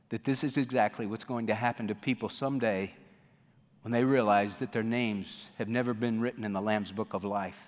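A man's voice: mid-range voice, in a large hall. A pastor preaching a sermon, telling a story and then pleading earnestly with his listeners. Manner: earnest, rising to pleading fervor.

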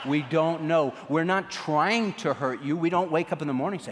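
A man giving a lively talk on marriage to an audience, acting out his own past lines as he tells the story. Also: on the high side, moderate pace. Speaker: marriage speaker. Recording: reverberant hall.

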